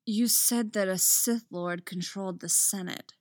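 A woman's voice: medium pitch, fairly even intonation, unhurried, dry recording, close to an everyday voice. A woman voicing a wry, composed woman jedi master, clipped and sceptical, in a dry recording.

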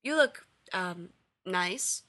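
A woman's voice: lowish voice, animated, sharp tone, heavily acted. A woman reading as an awkward, flustered male officer. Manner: halting, hesitant speech.

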